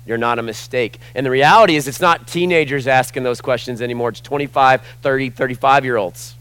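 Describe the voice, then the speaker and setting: A man preaching a sermon as pastor, impassioned, swinging between loud emphasis and hushed asides. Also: medium pitch, brisk, smooth, rough recording.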